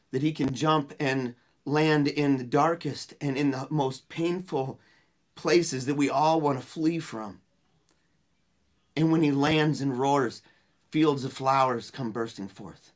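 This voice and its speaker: At a book release party, a guest with a medium-pitched voice shares an emotional personal story in an earnest, loose way. Their speech is full of restarts and colorful phrases, and they drop to a hush when retelling words of comfort.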